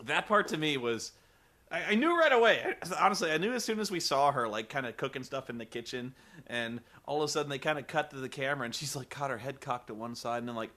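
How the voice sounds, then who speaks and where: Bright, profane, rambling male reviewer. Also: mid-range voice, expressive, fast talker. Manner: rambling, profane, filler-heavy. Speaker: film reviewer. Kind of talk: comedic film review.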